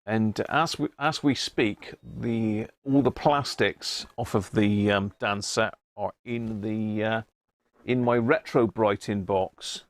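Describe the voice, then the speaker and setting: A man's voice: fairly low pitch, fairly even intonation, slow, no room sound. A man hosting a casual live stream about restoring an old radio, chatty and greeting viewers by name as he works.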